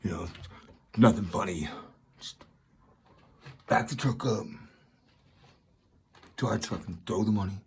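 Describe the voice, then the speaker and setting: A man retelling a movie scene and voicing a menacing male robber on a walkie-talkie, giving low, clipped orders. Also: unhurried, creaky, pauses often, darkish tone, breathy edge, full character voice. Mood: threatening.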